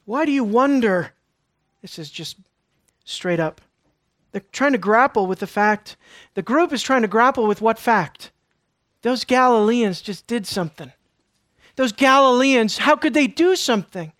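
A man preaching a sermon, moving between hushed lines and emphatic questions. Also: high voice, animated, a little slow, no echo, clean studio sound. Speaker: pastor.

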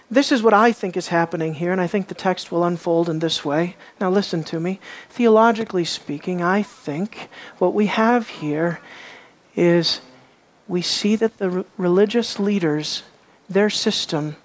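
A woman preacher giving an earnest expository sermon, often asking her listeners rhetorical questions and swinging between raised and hushed emphasis. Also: medium pitch.

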